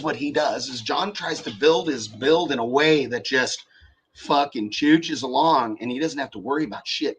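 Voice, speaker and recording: A man's voice: fairly high pitch, fairly bright tone, husky. A young man in casual podcast chat about car audio, rambling and profane with many fillers and restarts.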